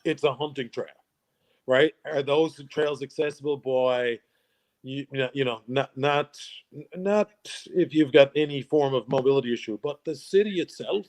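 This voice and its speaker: A man's voice: mid-range voice, normal speed, darkish tone. Jokey man telling stories. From Newfoundland, Canada. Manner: jokey storyteller, laughs often, restarts phrases. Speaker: guest. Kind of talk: casual interview chat.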